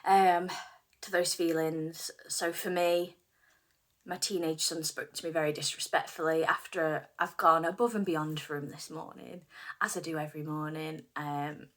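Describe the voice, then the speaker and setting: A middle-aged woman leading a guided tapping session, speaking slow repeat-after-me phrases and dropping some of them to a whisper. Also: sits low, little pitch movement. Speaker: tapping practitioner.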